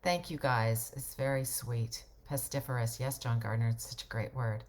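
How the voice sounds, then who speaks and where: A woman's voice: extremely low pitch, fairly even intonation, moderate pace, a little mellow. A middle-aged woman, a voiceover coach, chatting casually on a livestream and reading out viewer comments, reflective and rambling.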